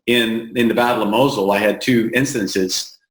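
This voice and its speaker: A man from the United States, an interview guest, telling stories plainly and earnestly with halting restarts, slowing down to stress points. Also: lowish voice, fairly even intonation. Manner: plain-spoken, halting restarts, slows for emphasis. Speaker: founder of an aid group, interview guest. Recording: roomy echo.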